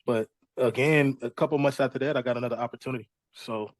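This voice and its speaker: A man's voice: medium pitch, quick pace, no echo. Young man telling stories, dry sound. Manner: relaxed storyteller, acts out quoted dialogue. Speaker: music artist guest. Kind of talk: casual storytelling interview.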